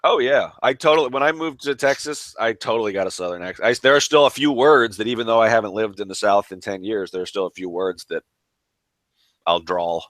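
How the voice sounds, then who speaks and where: A man talking wrestling on a podcast, quick and hedging, filling his points with "I mean." His voice is bright and slightly high. The sound is close and dry. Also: dry recording. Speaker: podcast co-host. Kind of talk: casual wrestling chat.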